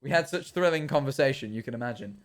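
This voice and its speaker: A man's voice: medium pitch, lively intonation, fast. A young British man chatting casually on a live stream while gaming, rambling and ranting with self-deprecating humour. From Britain. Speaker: livestreamer.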